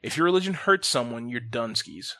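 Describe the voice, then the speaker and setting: A man hosting a casual podcast chat, ranting bluntly and profanely, his pitch and loudness swinging sharply as he gets worked up. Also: expressive, brisk, dry recording. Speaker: podcast host.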